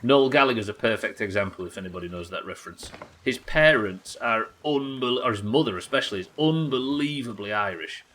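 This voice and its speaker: A man's voice: medium pitch, lively intonation, a little fast, few pauses, sharp tone. An English man streaming a game, chatting casually and rambling, swearing freely as he plays. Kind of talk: casual chat while playing.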